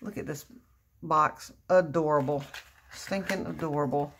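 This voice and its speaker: A crafting vlogger with a low voice opens some happy mail at a measured pace, with background noise behind her. Chatting casually through the unboxing, she gushes with effusive exclamations over her gift.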